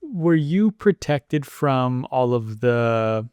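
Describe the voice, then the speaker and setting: A man interviewing an actress asks a slow, measured question. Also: medium pitch, animated, a little mellow, clear, resonant tone, no echo.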